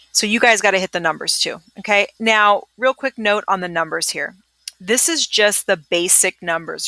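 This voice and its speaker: A young adult woman recording a screencast pronunciation lesson as a Spanish teacher. She talks briskly and upbeat and keeps checking in with "okay?". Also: lowish voice, vocal fry, pushed and bright, no room sound. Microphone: computer mic, screencast.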